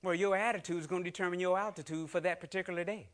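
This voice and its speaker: Bright-voiced man preaching with rising fervor. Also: high voice, fairly even intonation, rapid-fire. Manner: call-and-response preaching, rising to loud exhortation; acts out grumbling voices in quoted asides. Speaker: lay preacher. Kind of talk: sermon.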